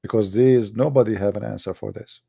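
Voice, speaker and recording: A man hosting a call-in show alone, taunting absent callers in broken English and sing-song repetition, often clearing his throat. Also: on the low side, steady tone, quick pace, mellow, no room sound, studio quality. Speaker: host of a call-in religious debate show. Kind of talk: live call-in show monologue.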